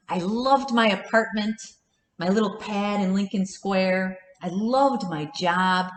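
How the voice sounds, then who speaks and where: A woman minister telling a personal story in a sermon, animated and dramatic, in a church. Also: fairly high pitch, reverberant, in a large hall. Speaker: children and youth minister preaching. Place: church sanctuary.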